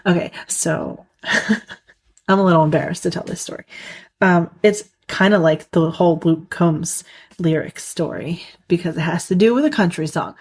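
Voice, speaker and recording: Woman podcast host, lowish voice, rambling and giggly, casual solo chat on a dry close mic. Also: moderate pace, darkish tone, slightly rough, no echo. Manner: rambling, giggly, many "like" fillers.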